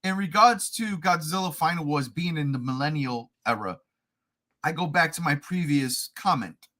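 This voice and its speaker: A man hosting a casual podcast chat, excitable and profane, often laughing and shouting. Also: fairly high pitch, moderate pace. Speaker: podcast host.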